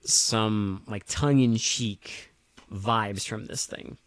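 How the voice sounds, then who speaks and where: A man's voice: on the low side, extremely slow, no echo. A man co-hosting a podcast in casual chat, wry and profane, laughing along. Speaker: podcast co-host.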